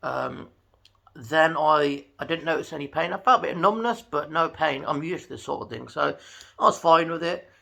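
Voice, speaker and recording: Male vlogger, gravelly and forceful tone, slightly high pitch, chatty storyteller. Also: moderate pace. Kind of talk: casual talking-to-camera vlog.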